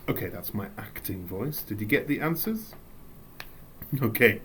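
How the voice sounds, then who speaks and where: A man from England with an English accent, teaching a recorded English lesson, reading slowly and adding playful asides. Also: on the low side, animated, a bit bright, slight background noise.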